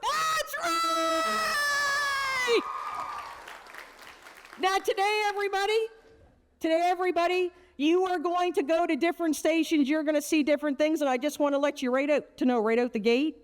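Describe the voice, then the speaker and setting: Woman about 50, high voice, cracking jokes in a big pep talk to teen girls. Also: steady tone, fast talker, hardly any pauses, darkish tone, a faint crowd. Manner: brash, joking, punchy storyteller. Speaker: motivational keynote speaker. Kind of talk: energetic motivational speech to teenage girls.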